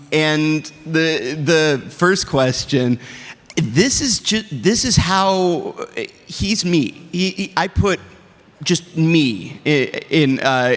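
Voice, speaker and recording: A man voice actor answering fan questions on a convention panel, eager and a little stammering. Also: a little high. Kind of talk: casual convention panel chat. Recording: reverberant convention hall.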